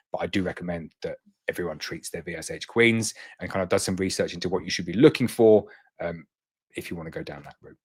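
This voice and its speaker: A middle-aged man with a fairly low voice hosts a relaxed live question-and-answer session. He reads viewer comments aloud in a lifted tone, then answers in an easygoing, conversational manner. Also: slightly rough. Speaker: beekeeping show host answering viewer questions.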